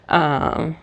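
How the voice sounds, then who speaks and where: Her tone is fairly bright, with a little hiss or hum in the audio. She's an American livestreamer chatting casually from a hotel room, keeping her voice down as she rambles with many fillers and restarts.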